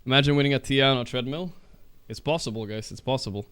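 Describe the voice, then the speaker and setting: A man chatting casually to his stream while walking on a treadmill, a little out of breath, swearing and breaking into loud outbursts. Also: mid-range voice, quick pace, clear, resonant tone.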